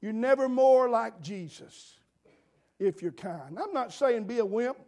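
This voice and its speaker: A man's voice: very high voice, animated, a little slow, darkish tone. A man preaching a folksy sermon, telling homespun stories in an earnest, repetitive way. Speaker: pastor.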